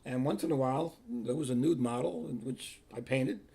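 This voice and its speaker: Gravelly, husky older man. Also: medium pitch, normal speed, warm tone. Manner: plainspoken, reenacts the voices of others in his story. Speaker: interviewee recalling his years as a priest. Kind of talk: personal storytelling.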